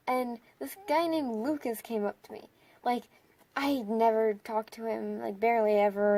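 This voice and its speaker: A teenage girl telling a school story in a casual storytime vlog, excitable and full of filler words, breaking into dramatic squeals. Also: a little high, dry recording. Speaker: storytime vlogger.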